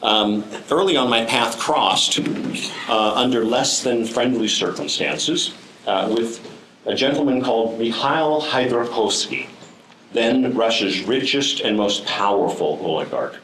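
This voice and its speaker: A man's voice: medium pitch, measured pace, fairly bright tone, echoey room, a little hiss or hum, low-quality recording. A man giving a prepared speech to a live audience, telling stories with dry, wry humor and frequent ums. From United States. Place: room with an audience.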